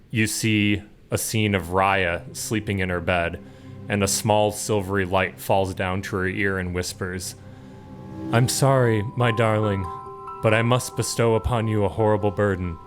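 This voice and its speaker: A man narrating a tabletop game as game master, calm and descriptive. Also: low voice.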